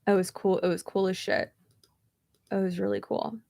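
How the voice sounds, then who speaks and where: A woman vlogger tells a story in loose casual chat, full of fillers, restarts and animated asides. Her voice carries a gravelly, fry-tinged edge at a middle pitch. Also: normal speed. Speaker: beauty vlogger.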